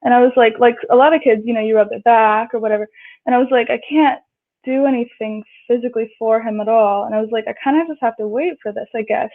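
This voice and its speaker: A woman's voice: fairly high pitch, fairly even intonation, quick pace. A woman guest telling a personal story in casual chat, acting out what people said in raised voices. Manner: chatty, acts out quotes in raised voices. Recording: tinny phone-line audio.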